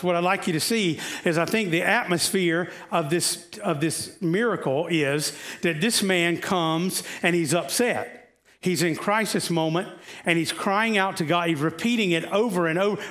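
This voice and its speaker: High-voiced preacher asking questions. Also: male voice, unhurried, fairly bright tone. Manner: conversational, asks the congregation questions, many "uh"s and restarts. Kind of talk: sermon.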